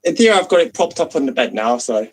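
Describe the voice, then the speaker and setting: A man performing a spoken word poem slowly and dramatically, with long pauses, over a video call. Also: mid-range voice, very animated, husky, low-quality recording.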